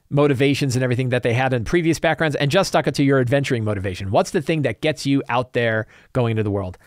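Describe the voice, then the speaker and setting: A man's voice: medium pitch, no echo, clean studio sound. Chatty, opinionated man hosting a talk show. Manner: chatty and opinionated, with frequent restarts and repeated phrases. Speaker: host of a tabletop RPG talk show. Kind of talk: casual solo commentary.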